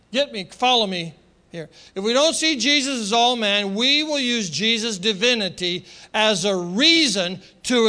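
A man's voice: extremely high pitch, bright, forceful tone. A middle-aged man preaching a sermon as pastor, passionate and emphatic, repeating phrases for force.

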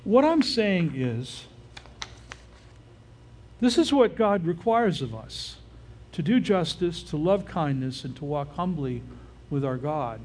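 A man's voice: a little high, sing-song, slow, pauses often, a little mellow, a little hiss or hum. An older man preaching a casual, conversational sermon who often stops to check in with his listeners. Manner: informal, often checks in with the audience. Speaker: pastor.

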